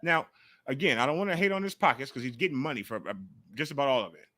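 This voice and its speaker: A man hosting a casual call-in sports talk livestream, talking in an animated, profane way on a close mic. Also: mid-range voice, fast talker, no room sound. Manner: animated, profane, jumps into mocking quotes. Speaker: call-in show host.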